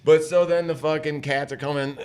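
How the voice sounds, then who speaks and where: A man's voice: fairly high pitch, fairly even intonation, brisk, darkish tone, smooth. A man co-hosting a morning talk show, retelling a story in a rambling, profane manner. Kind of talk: casual chat.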